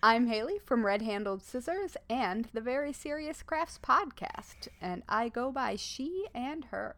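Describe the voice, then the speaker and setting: A woman's voice: fairly high pitch, lively intonation, measured pace. A woman co-hosting a podcast, chatting casually and playfully. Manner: playful, rhyming intro read in a hushed spooky tone. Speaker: podcast co-host. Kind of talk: casual chat.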